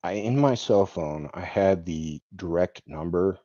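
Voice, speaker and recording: Low-voiced rambling man telling a story. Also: measured pace, dark tone, dry recording. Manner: rambling, full of "like" and "um", chuckles now and then. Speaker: vlogger. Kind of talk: personal storytelling monologue. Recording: dull lo-fi dry recording.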